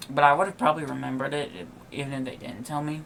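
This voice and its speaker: Tired and yawning now and then, a young podcast host with a gravelly, mid-range, slightly bright voice casually tells a personal story. He talks quickly with fairly even intonation, rambling through many likes, restarts and half-finished sentences. Faint background noise is audible.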